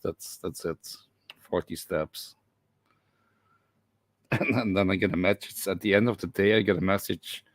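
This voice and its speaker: A man hosting a casual live stream from home, talking haltingly with lots of repeated words and chuckles. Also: sits low, no room sound.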